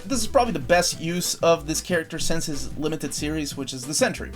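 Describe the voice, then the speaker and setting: A man co-hosting a casual comic-book podcast, retelling a story in an animated, profane way. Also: a little high, a little fast, faint music behind. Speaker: podcast co-host.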